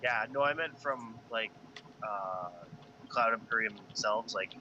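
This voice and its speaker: A man, a pilot, chatting casually about a space game in a relaxed, rambling way, thinking aloud with fillers. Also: fairly low pitch, measured pace, muffled recording. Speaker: pilot and gaming video co-host. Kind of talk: casual gaming chat. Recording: noisy background.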